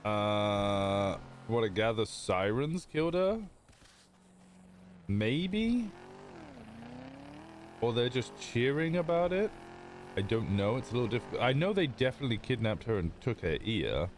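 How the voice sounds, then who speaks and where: A man's voice: lowish voice, big pitch swings, normal speed, a little hiss or hum. A man livestreaming a roleplay game, chatting casually with his viewers in a rambling, self-interrupting way. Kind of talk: casual chat with stream viewers.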